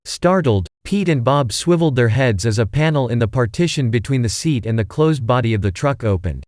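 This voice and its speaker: A man's voice: mid-range voice, no room sound. Man narrating an audiobook, dry sound. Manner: steady storytelling. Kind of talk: scripted narration.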